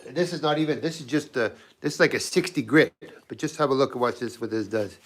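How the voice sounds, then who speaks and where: A man's voice made scratchy by a cold. He talks loosely through a workshop demo, often breaking off and restarting sentences. His pitch sits in a middling range for a man. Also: fast talker. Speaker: knifemaker and channel host. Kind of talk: casual workshop livestream demo. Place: home workshop.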